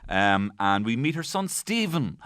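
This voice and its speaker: A man's voice: mid-range voice, very animated, a little slow, a bit bright, dry recording. A man hosting a comedy podcast from a studio. He recaps an episode in a rambling, jokey way and swears freely. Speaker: podcast host.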